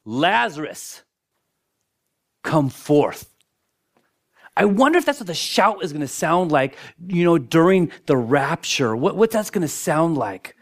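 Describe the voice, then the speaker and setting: A man preaching a sermon as pastor, shifting between strong emphasis and soft, hushed moments, often repeating words as he builds a point. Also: fairly high pitch. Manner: dynamic preaching, dropping to near-whispers for emphasis.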